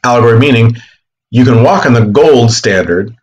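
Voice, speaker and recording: A man teaching history in a casual, animated classroom lecture, explaining with quick asides and voiced bits. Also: mid-range voice, muffled recording.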